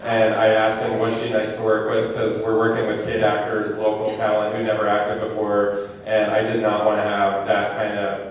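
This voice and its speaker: A man's voice: lowish voice, monotone, slight background noise. Chatty man in an echoey theater. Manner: chatty, rambling with fillers and quick asides. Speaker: film director at a screening Q&A. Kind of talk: casual Q&A answers. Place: movie theater auditorium. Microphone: handheld microphone. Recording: echoey theater heard from far off.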